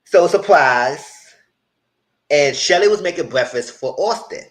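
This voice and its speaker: A man giving a casual, animated live recap of a reality show, full of quoted asides. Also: fairly high pitch, measured pace, poor audio.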